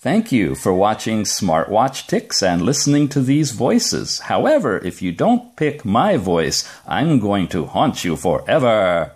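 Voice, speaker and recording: A man's voice: on the low side, sing-song, measured pace, hardly any pauses, a little mellow, slightly rough. A man hosting a casual, chatty gadget demo from his rural home, enthusiastic and joking. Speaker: tech reviewer host.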